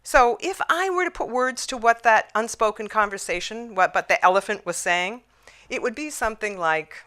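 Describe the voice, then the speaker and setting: A woman's voice: fairly high pitch, animated, normal speed, bright, forceful tone. A middle-aged woman giving a conference talk about resolving conflicts, telling her story reflectively, with restarts and fillers.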